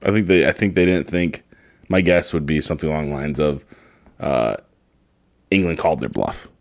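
Deep-voiced, laid-back man. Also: normal speed, gravelly, no echo, studio quality. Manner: laid-back, swears a lot, filler-heavy. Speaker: podcast co-host. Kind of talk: casual chat.

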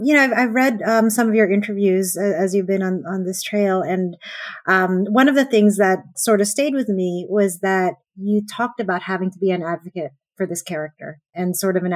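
A woman's voice: mid-range voice, moderate pace, no room sound. A woman interviewing an actress, asking polite and careful questions with compliments.

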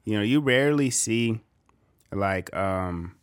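Laid-back man with a lowish voice. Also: lively intonation, slow pace, smooth, dry recording, clean studio sound. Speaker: podcast co-host. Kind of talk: casual chat.

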